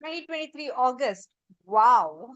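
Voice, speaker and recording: A woman's voice: high-pitched, lively intonation, unhurried, a bit bright, no echo. A woman interviewer who encourages her guest and asks follow-up questions. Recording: dull, muffled sound.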